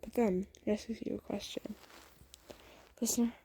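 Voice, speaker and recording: A woman's voice: mid-range voice, steady tone, moderate pace, gravelly, warm tone, slight background noise. A woman casually telling a second-person fan story, rambling and correcting herself with many fillers. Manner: rambling, lots of "like" and self-corrections. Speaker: storyteller and channel host.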